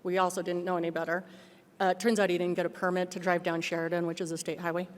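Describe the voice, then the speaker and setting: A middle-aged woman giving a personal testimony speech as a guest speaker, telling her story in a lively way and acting out what others said. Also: fairly low pitch, fast, slight background noise. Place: large banquet hall. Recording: long hall reverb.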